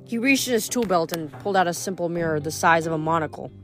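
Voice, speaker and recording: A woman reading a novel aloud in a steady, expressive voice. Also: fairly low pitch, quick pace, faint music behind. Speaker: audiobook reader.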